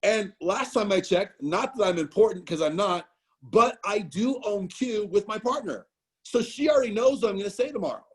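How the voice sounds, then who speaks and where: A man from Idaho, a business owner giving an animated motivational training talk on a video call, telling stories straight to his team. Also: high voice, moderate pace, breathy edge. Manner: storytelling, animated, talks straight to the audience.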